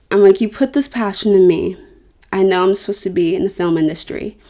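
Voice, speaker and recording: A young woman hosting a podcast, talking about her own life in a personal, reflective way. Her voice is warm and mellow at a middle pitch, and she speaks earnestly with feeling, sometimes acting out her own prayers. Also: fairly quick. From Northern California. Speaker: podcast host.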